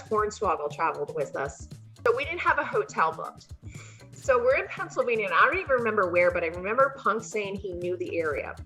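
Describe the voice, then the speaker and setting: A woman's voice: mid-range voice, sharp tone. A woman telling a funny road story in casual chat, full of fillers and laughter. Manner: chatty, many fillers, laughs while telling. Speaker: wrestler guest.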